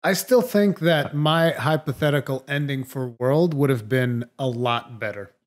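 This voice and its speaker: A man's voice: mid-range voice, a little slow. A man hosting a podcast, chatting casually and animatedly, often laughing and acting out lines. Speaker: podcast host.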